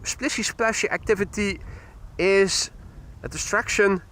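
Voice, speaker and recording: Hosting a live plane-spotting stream, a man chats casually about incoming airplanes, greets viewers, reads their comments, and laughs easily. His voice sits high and sounds pushed and bright, with a slightly slow pace.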